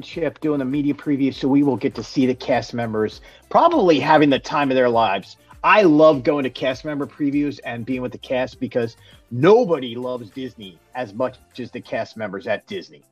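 A man's voice: mid-range voice, lively intonation, moderate pace, breathy edge, faint music behind. Man co-hosting a casual news podcast. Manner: reads news items with slips and fillers. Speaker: podcast co-host. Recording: dry, dull lo-fi podcast audio.

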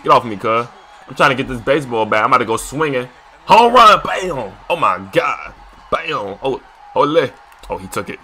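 A young man commentating a wrestling video game as he plays it, excitable and slangy, shouting and trash-talking at the screen. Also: mid-range voice, a little fast. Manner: loose slangy casual speech. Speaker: gaming YouTuber. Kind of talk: live gameplay commentary.

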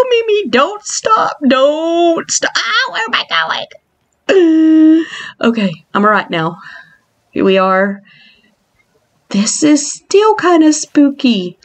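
A woman narrates a playful game walkthrough, exclaiming often in mock fright. Her voice sits high and swoops widely up and down. She takes her time between remarks. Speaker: island tour host.

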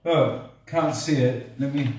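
Middle-aged man, unhurried casual reviewer, joking and chatting to a gadget, recorded in a roomy echoing room. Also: medium pitch, a little hiss or hum. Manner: relaxed, joking, talks to the robot like a pet. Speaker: product reviewer. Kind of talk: casual product review vlog. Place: indoors at a table or counter.

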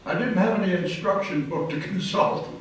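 A man's voice: high voice, normal speed. A male preacher telling a dramatic story in a sermon, recorded in a hotel event hall. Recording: echoey hall from far off, faint noise.

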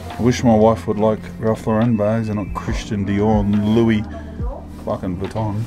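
Speaking at a normal speed with a lowish voice and a flat delivery, an Australian travel vlogger wanders through town and into shops. Music plays in the background while he jokes and swears freely in this casual vlog.

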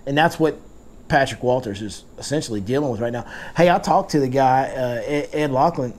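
A man's voice: mid-range voice, fairly quick, a little hiss or hum. A man hosting a casual fishing seminar, telling stories and joking in Southern slang. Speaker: fishing guide and seminar host.

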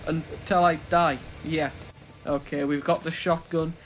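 A young British man commentating his own gameplay, excitable and self-mocking, jumping between chatter and panicked shouts. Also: a little high, measured pace, a little hiss or hum. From Britain. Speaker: gaming YouTuber.

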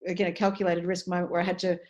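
A woman's voice: fairly low pitch, racing, lo-fi sound. A woman, a voice and dialect coach, speaking articulately and with energy in an interview. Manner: articulate, animated, restarts phrases. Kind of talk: interview conversation.

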